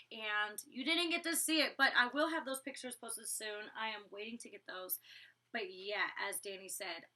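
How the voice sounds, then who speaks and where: A young woman chats through a reality show recap in a gossipy, blunt way, swearing freely. Her voice is fairly high and strikingly bright. She sits a little way back from the microphone. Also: distant mic. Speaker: reality show cast member reviewing her episode. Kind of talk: casual vlog recap.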